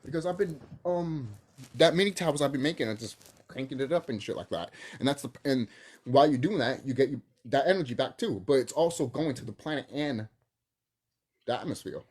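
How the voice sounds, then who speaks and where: Young adult vlogger, husky voice, swooping lively pitch, profane rambling rant. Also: a little fast. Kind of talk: casual rambling talk to camera.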